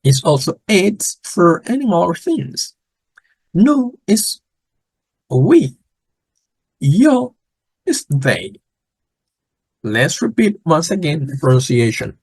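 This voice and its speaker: Male language teacher, patient and repetitive, animated pitch, slightly husky voice. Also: no echo, poor audio. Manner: patient, repeats words slowly and clearly. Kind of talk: language lesson.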